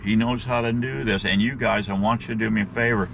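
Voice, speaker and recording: A man with a somewhat low, gravelly voice tells a long story in a loose, animated way. He talks to his viewers as guys and uses folksy slang. Faint outdoor noise and passing vehicles sit behind him. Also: fast talker, dull audio. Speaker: vlogger telling stories to his viewers. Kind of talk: rambling casual storytelling.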